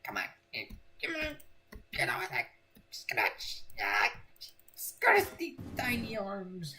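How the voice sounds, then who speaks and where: A man's voice: high-pitched, huge pitch swings, slow pace, noisy background, voice pushed up, exaggerated voice. A man shrieking as a frantic itchy-nosed animatronic. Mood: pleading. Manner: shrieking, pleading, in anguish.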